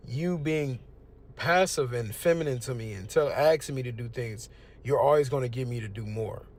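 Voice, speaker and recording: A man's voice: mid-range voice, normal speed, darkish tone. Give me a young American man sharing a preachy, conversational religious testimony. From United States. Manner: casual, conversational, preachy asides. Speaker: testimonial speaker.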